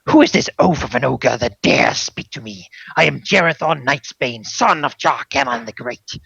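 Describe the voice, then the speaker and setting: A man playing a haughty, cruel dragon who hisses his threats in a lowered, altered tone. He speaks with grand, menacing pride. The recording is dull and lo-fi. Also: moderate pace, creaky, pushed and bright, husky, dry recording, heavily acted. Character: arrogant young male dragon, haughty and cruel.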